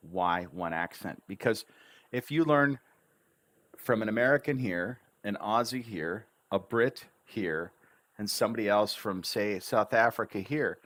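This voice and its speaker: A man teaching an English lesson on a livestream, chatty and encouraging, drawing out words slowly syllable by syllable. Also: lowish voice, a bit bright, no room sound, studio quality. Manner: slow drawn-out syllable drills. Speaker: English tutor.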